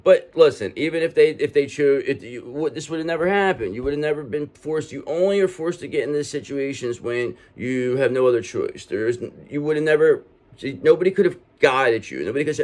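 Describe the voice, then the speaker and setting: A man's voice: a little high, expressive, fairly quick, darkish tone. Man giving a reassuring tarot reading. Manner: reassuring, talks straight to the viewer, many "okay?" tags. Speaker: tarot reader.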